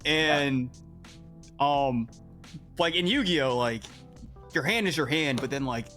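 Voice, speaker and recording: A young man, a podcast guest, telling a story in casual chat, animated and exasperated, often repeating himself. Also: medium pitch, slow, soft background music.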